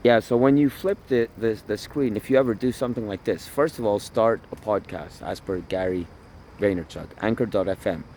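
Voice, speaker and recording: A man with a somewhat low voice talks into a phone held in his hand while out by the water. He rambles, swears freely and circles back over the same points. Faint outdoor sounds sit behind him. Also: moderate pace, warm tone, slight background noise. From Toronto area. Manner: rambling, profane, repeats himself. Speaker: vlogger. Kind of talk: casual outdoor vlog monologue. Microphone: phone camera held by himself.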